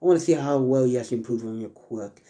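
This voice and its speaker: A man voicing a cool, aloof male hedgehog antihero in a fan story, speaking low and quiet. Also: fast talker, close to an everyday voice.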